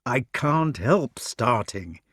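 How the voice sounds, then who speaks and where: An earnest, brooding knight who pleads and broods in turn, read by a man. The voice moves lively up and down in a storybook reading. The sound is dry and close. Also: mid-range voice, a little slow, no room sound, natural voice. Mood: pleading.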